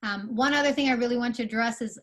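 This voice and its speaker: Earnest higher-voiced woman coaching founders. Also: quick pace, fairly bright tone. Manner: earnest, coaching, many fillers and restarts. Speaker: conference speaker. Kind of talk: live online workshop talk.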